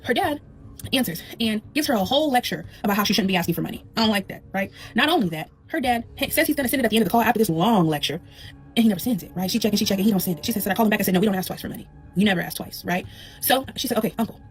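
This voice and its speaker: A mother telling a comedic story about her daughter in an animated, sassy way, acting out the voices. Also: medium pitch, rapid-fire, faint music behind.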